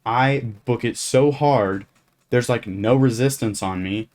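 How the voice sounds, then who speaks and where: A man's voice: mid-range voice, unhurried, darkish tone. A teenage guy telling a camp story as narration over gameplay, rambling with lots of fillers and restarts. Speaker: gaming YouTuber.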